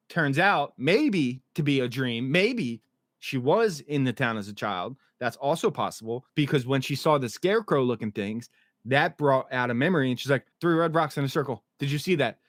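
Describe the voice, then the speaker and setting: A man casually recapping TV episodes, excited and swearing, acting out the characters' lines as he goes. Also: medium pitch, no echo, studio quality. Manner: excited, swearing, acts out quotes. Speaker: show recap host.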